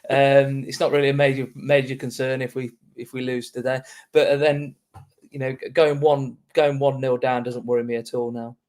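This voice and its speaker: Even-keeled male co-host, calm monotone, steady reasoning. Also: mid-range voice. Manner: measured, steady, agreeable. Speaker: podcast co-host. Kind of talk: casual fan podcast chat.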